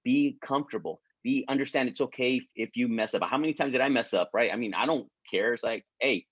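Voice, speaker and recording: A man's voice: mid-range voice, lively intonation, fast, a bit bright, slightly rough, no echo. Man giving a stumbling, repetitive pep talk. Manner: repetitive, stumbling restarts, keeps asking "right?"; encouraging, pleading with listeners. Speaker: business coach leading an online group. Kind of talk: casual motivational pep talk. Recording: dry, muffled lo-fi audio.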